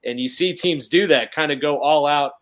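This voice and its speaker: A man co-hosting a casual football podcast, easygoing, with halting starts as he makes his points and asks questions. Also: on the high side, a bit bright. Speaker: podcast co-host. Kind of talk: casual sports podcast chat.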